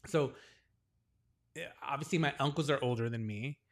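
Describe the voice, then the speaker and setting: Here is a man in his forties co-hosting a relaxed podcast conversation. He talks at a middle pitch. He tells stories with energy and slips into the voices of the people he is quoting. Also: normal speed. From New England, US. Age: 40s. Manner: animated storyteller who acts out the voices of others in his stories. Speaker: podcast co-host. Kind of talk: casual chat.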